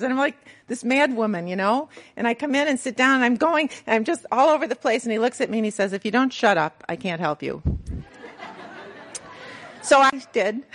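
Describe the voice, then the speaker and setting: A middle-aged woman giving a candid personal testimony to a recovery group, storytelling with self-mocking humor. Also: medium pitch. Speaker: recovery meeting speaker.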